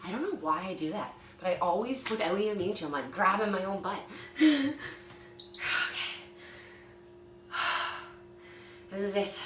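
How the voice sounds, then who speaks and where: Recorded on a distant phone camera in an echoey, noisy room, a woman runs a home workout class, talking and encouraging viewers between breaths. As the fitness instructor, she speaks in a medium-pitched, animated voice, unhurried and with long pauses.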